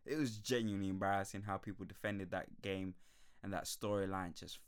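A young man talks alone on his podcast in a casual, ranting monologue. His voice sits a little low, and he swears freely and laughs between his complaints. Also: fairly even intonation, fairly quick, clear, resonant tone. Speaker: podcast host.

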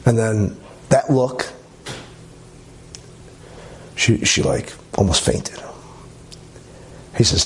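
A man telling a religious story in a lively way, with chatty asides and many okays. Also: mid-range voice, takes it slowly, long pauses, a little hiss or hum. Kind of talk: animated storytelling talk.

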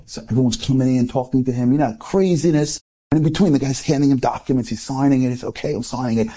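A man giving an inspirational storytelling talk to a live audience, animated, with rhetorical questions and acted-out dialogue. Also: medium pitch, fast, slightly rough. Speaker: inspirational speaker.

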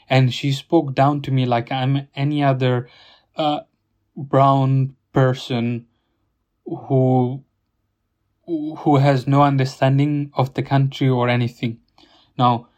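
A man's voice: mid-range voice, a little mellow. A young man who grew up in Italy, telling a story about his day in an indignant, rambling way with restarts. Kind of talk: storytime monologue.

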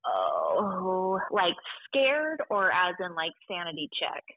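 Chatty library staffer on a tinny line. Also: female voice, on the low side, slow, dry recording. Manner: chatty, animated retelling with quoted voices. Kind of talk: casual interview storytelling.

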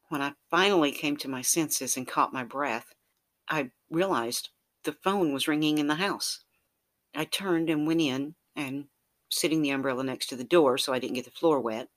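Soft intimate romantic storyteller. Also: medium pitch. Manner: soft, intimate, often breathy or whispered. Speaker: narrator. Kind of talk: romantic second-person audio story.

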